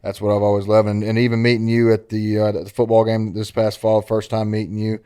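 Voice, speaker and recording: A man's voice: on the low side, completely flat delivery, fast, dark tone, clear, resonant tone. A man with an Eastern Kentucky accent hosting a podcast, chatting casually and telling rambling, folksy stories. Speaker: podcast host. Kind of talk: casual interview chat.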